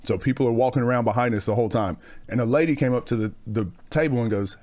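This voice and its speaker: A man's voice: mid-range voice, fast, few pauses, darkish tone. A man hosting a casual basketball reaction video, joking and telling rambling, self-mocking stories with frequent laughs. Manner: joking storyteller, laughs often.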